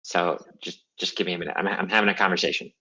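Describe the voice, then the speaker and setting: A man's voice: sits low, steady tone, fast talker, vocal fry, pushed and bright, rough recording. A man role-playing his character in a tabletop game, talking in a hesitant, earnest way with many fillers. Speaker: player.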